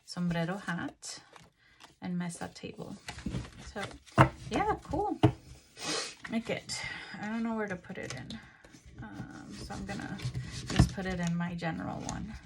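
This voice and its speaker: A woman's voice: lowish voice, fairly even intonation, moderate pace, long pauses, heavy background noise. A woman from Rico, chatting casually as she unwraps and reads out craft haul items. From Puerto Rico. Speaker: craft channel host.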